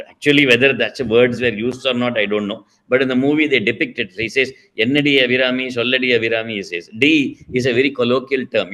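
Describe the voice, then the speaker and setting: A man's voice: medium pitch, sharp tone. A middle-aged man with an Indian accent telling and explaining a devotional story, digressing often with fillers and restarts. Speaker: spiritual speaker.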